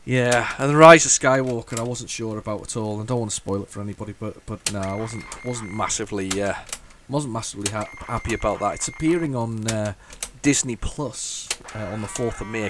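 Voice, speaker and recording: A man hosting a retro gaming channel, rambling through casual gameplay commentary, thinking aloud with many restarts and bursts of excitement. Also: fairly low pitch, brisk, hardly any pauses, noisy background. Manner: excitable bursts over the game.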